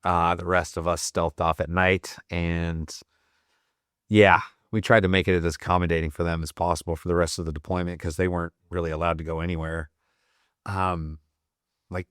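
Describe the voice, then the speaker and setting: This podcast guest, a former Marine, tells stories in a laid-back way with a low-pitched, clear and resonant voice. He rambles, swears frequently and says "like" constantly. The sound has studio quality and no echo.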